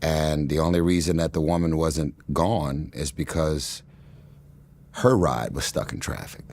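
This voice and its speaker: A very deep-voiced man in his forties, a guest in a casual interview, telling a long rambling story. He pauses on fillers, restarts his phrases and laughs often. His voice sounds close and dry, with little room sound. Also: a little mellow, no echo. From Los Angeles, United States. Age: 40s.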